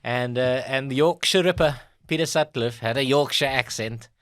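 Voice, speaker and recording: A man from South Africa co-hosting a comedy podcast, chatty and quick to laugh. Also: mid-range voice, a bit bright, no room sound, clean studio sound. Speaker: podcast co-host. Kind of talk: casual comedy chat.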